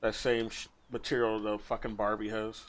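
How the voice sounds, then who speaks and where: A man's voice: lowish voice, little pitch movement, moderate pace. Crude ranting man mocking on stream. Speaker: streamer reacting to a video. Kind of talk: casual profane commentary.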